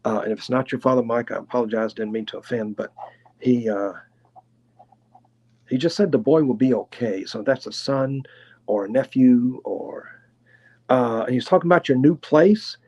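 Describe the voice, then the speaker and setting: A man with a Tennessee accent doing a live clairvoyant reading, talking in an unhurried, chatty way and hedging his guesses. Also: medium pitch, darkish tone, lo-fi sound. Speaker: clairvoyant medium.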